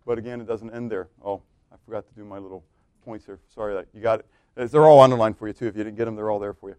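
A man preaching a sermon as pastor, swinging between loud exclamations and quiet asides. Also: fairly low pitch, steady tone, racing, clean tone, no echo.

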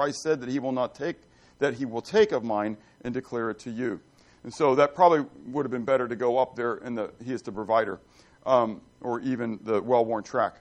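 A middle-aged man preaching a conversational sermon, telling folksy stories and checking in with the congregation with questions. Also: medium pitch. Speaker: pastor.

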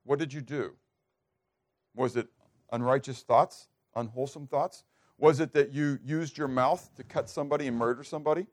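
A man's voice: mid-range voice, moderate pace. A male pastor preaching a sermon, asking his listeners questions and acting out the prayers he quotes. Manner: asks the congregation questions and acts out quoted prayers.

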